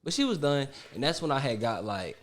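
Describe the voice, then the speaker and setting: A man's voice: mid-range voice, big pitch swings, fairly quick. A young man co-hosting a podcast, telling his side of a story in candid, slangy casual chat. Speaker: podcast co-host.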